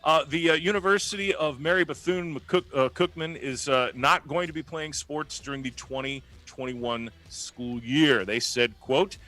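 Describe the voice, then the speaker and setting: A man reading the sports news on a morning radio show, chatty and relaxed, with frequent fillers. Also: fairly high pitch, normal speed, few pauses, faint music behind.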